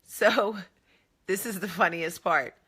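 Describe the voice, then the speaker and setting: A woman in her thirties, a vlog host telling chatty, animated stories about her family. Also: mid-range voice, slow, husky. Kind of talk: casual chat.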